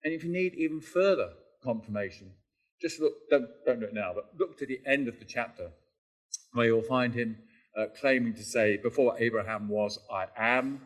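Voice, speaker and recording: A man's voice: medium pitch, lively intonation, moderate pace. Conversational man preaching a sermon. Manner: conversational, rhetorical tag questions; emphatic, repeats key phrases.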